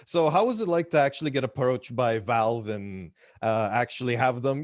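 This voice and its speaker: A man's voice: mid-range voice, animated, normal speed, hardly any pauses, darkish tone, no echo. Podcast host guy, rambly questions full of uhs, dead dry mic. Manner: long winding questions with many fillers. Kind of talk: casual interview questions.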